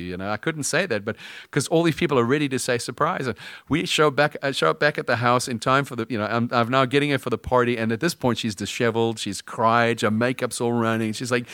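A man's voice: mid-range voice, a little fast, a bit bright, no room sound, clean studio sound. Man preaching in a casual storytelling tone. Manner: conversational storytelling, acts out dialogue. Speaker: pastor. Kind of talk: sermon.

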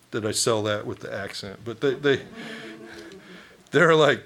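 A man's voice: mid-range voice, normal speed, a bit bright, soft background music. Conversational middle-aged male pastor preaching. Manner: conversational, asks the congregation questions, mock-quotes townsfolk. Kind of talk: sermon.

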